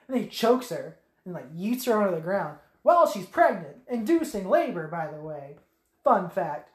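A woman in casual chat, retelling movie scenes with lots of swearing and quick quoted voices. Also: fairly low pitch, big pitch swings, a little mellow. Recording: echoey room.

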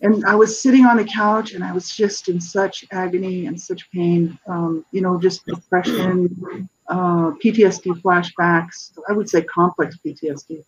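A middle-aged guest author giving a personal testimony in an interview, earnest and halting, with many restarts. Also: mid-range voice, fairly even intonation, slightly rough, highs cut off.

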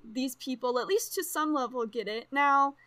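An American woman with a high voice chats on her podcast. She gets excited, rambles through asides and laughs loudly. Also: normal speed. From United States. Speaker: podcast co-host. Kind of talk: casual podcast chat.

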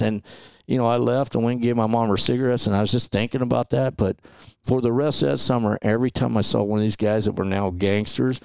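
A middle-aged man from Los Angeles, a podcast guest, telling stories in a casual, animated way and often adding "man" and "right?". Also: medium pitch, creaky, clean tone, no echo. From Los Angeles, USA. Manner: animated storyteller, peppers talk with "man" and "right?". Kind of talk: casual storytelling interview.

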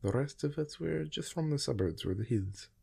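A man's voice: medium pitch, animated, moderate pace, creaky, dark tone, breathy edge, voice pushed up. A man voicing a plain-spoken local man explaining things matter-of-factly.

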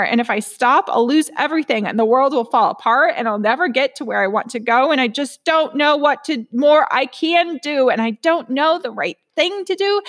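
A woman voicing her anxious inner hyperachiever, a frantic, overwhelmed woman who pleads in a rushed, high voice.

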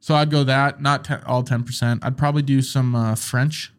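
A man's voice: mid-range voice, fairly even intonation, normal speed. A man hosting a podcast, in casual chat, rambling and joking as he tells stories. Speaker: podcast host.

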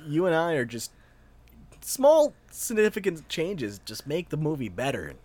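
A man co-hosting a casual podcast, relaxed and dry as he reads out reviews. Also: on the high side, unhurried. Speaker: podcast co-host. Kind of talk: casual chat, reading reviews aloud.

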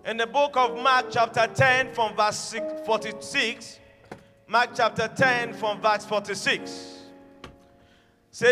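A high-pitched man preaching in a long-echoing church hall, faint music underneath. He speaks slowly and deliberately, hammering phrases again and again. His bright voice swells into shouted prayer. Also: fairly even intonation. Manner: fervent, repeats phrases, rises to shouted prayer. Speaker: pastor. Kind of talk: sermon leading prayer.

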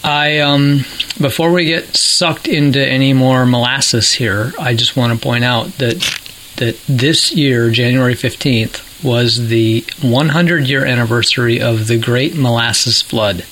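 A man's voice: medium pitch, fairly even intonation, a little slow, fairly bright tone, slight background noise, low-quality recording. A man co-hosting a podcast in casual chat, chatty and laughing at his own stories. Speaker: podcast co-host.

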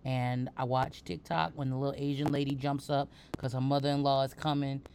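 A woman's voice: very deep voice, level tone, a little fast, dark tone, slight background noise. A woman hosting a podcast in casual chat, playful and teasing, talking with lots of energy. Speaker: podcast host.

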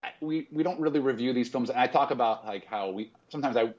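A man hosting a casual movie podcast, talking at an easy, middle pitch. He stumbles and restarts as he talks. His recording sounds slightly dull. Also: fast, a little mellow. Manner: chatty, stumbles and restarts often. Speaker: podcast host.

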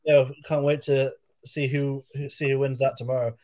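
Casting note: laid-back male guest, mid pitch, dry sound. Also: level tone, normal speed, warm tone, no room sound. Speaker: comic book artist guest. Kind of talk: casual interview chat.

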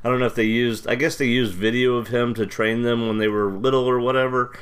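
A man's voice: mid-range voice, level tone, quick pace, a bit bright, smooth. An American man co-hosting a podcast, chatting loosely with jokes and self-deprecating asides. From United States. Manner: rambling, self-deprecating, jokey. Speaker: podcast co-host. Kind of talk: casual chat.

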